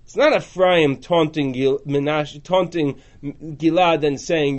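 A man with a high, very lively voice lectures to a class. He swings widely in pitch and loudness, and he acts out the lines of the people he quotes. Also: slow pace, few pauses. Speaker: teacher. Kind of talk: lecture on a biblical book.

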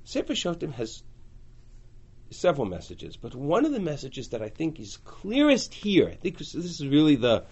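A man teaching a class on a biblical book, animated, acting out the voices in his quotes. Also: a little high, moderate pace, slightly rough, highs cut off. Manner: animated, acts out voices in quotes, rising and falling in loudness.

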